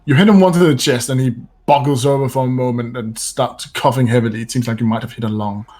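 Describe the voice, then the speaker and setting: A man acting as game master, narrating a tabletop game in a calm, measured way with frequent chuckles. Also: mid-range voice.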